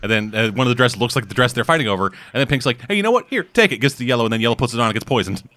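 A man's voice: medium pitch, steady tone, very fast, bright, forceful tone, dry recording. A man on a podcast joking irreverently with his co-host and swearing casually. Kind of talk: casual chat.

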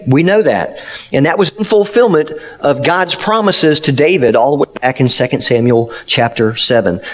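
Man pastor, sermon, earnest emphatic storyteller, slightly high voice. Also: a bit bright.

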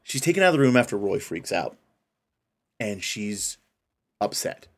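A man's voice: on the low side, sing-song, moderate pace, a little hiss or hum. A man co-hosting a casual podcast, retelling a film's plot and acting out the characters' lines. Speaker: podcast co-host. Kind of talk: casual chat retelling a film.

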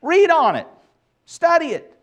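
A middle-aged man preaching a sermon as pastor, emphatic and lively with touches of humor. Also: extremely high pitch, measured pace.

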